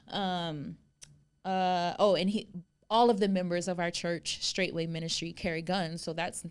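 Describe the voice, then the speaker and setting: A woman's voice: on the low side, steady tone, unhurried, clean tone. A woman co-hosting a podcast, telling a story in casual chat, acting out quotes and swearing freely. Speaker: podcast co-host.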